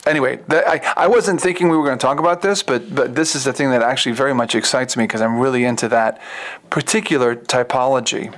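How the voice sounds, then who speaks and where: A religious brother speaking as a guest in a relaxed chat. He talks in a halting way, restarting phrases as he reaches for the next word, in a mid-pitched man's voice. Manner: halting, repeats words while searching for them. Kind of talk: casual chat.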